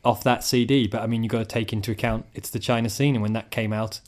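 A man's voice: lowish voice, steady tone, quick pace, darkish tone. A man hosting a podcast, chatting and joking about gigs and steering between topics. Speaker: podcast host. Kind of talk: casual chat about live music.

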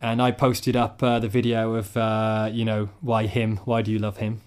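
A man's voice: on the low side, completely flat delivery, moderate pace, clear, resonant tone. A man hosting a podcast, chatting and joking about gigs and steering between topics. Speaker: podcast host. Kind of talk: casual chat about live music.

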